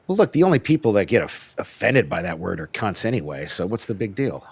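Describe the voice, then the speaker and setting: Animated, joking male podcast host. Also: lowish voice, fairly quick, vocal fry, slight background noise. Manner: joking, flustered, lots of restarts. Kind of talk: casual review banter.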